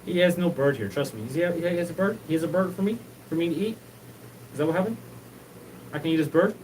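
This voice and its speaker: A man's voice: fairly high pitch, quick pace, darkish tone, recorded from a distance, a little hiss or hum, poor audio. A man hosting his own show, talking in a rambling, repetitive, profane solo monologue. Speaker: show host.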